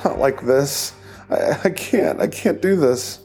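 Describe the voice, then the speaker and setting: A man's voice: mid-range voice, wildly swooping pitch, slow pace, vocal fry, a little mellow, faint music behind, pitched above the performer's own voice, exaggerated voice. A man voicing a terrified middle-aged man in an audiobook, stammering and pleading in a raised, strained voice.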